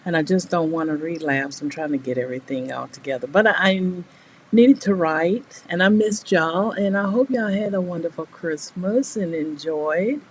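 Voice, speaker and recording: A middle-aged woman talks casually and at length to her viewers from a small bedroom desk, laughing often between stories. Her voice sits a little low, and a faint ambient hum stays under it. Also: moderate pace, rough recording. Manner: chatty, rambling, laughs often. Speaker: writing streamer. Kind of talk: casual chat to live viewers. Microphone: new desk mic, not yet working well.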